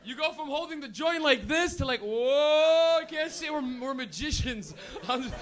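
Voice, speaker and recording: A young man with a Canadian accent doing a loud, rambling stand-up set in a club, laughing at his own jokes. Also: very high voice, lively intonation, normal speed. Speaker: stand-up comedian. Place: comedy club, live audience.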